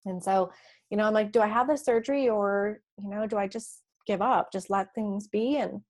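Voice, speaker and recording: A woman's voice: mid-range voice, normal speed, a little mellow. A woman recounts a personal story as an interview guest. She talks casually and animatedly, acting out her own past conversations and often breaking into a light laugh. Her voice sits in a middle register. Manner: frequent light laughs and restarts.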